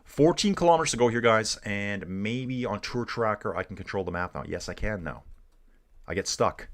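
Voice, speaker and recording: A middle-aged Canadian cycling commentator with a lowish voice talks at a moderate pace on his stream. He keeps the live race commentary loose and laid-back, chatting with viewers and calling them "dude" and "guys."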